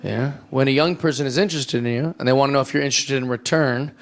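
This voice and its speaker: A man doing a stand-up comedy set on a club stage, profane and animated, acting out the voices of others. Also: medium pitch, quick pace. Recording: audience laughter throughout. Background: crowd laughing.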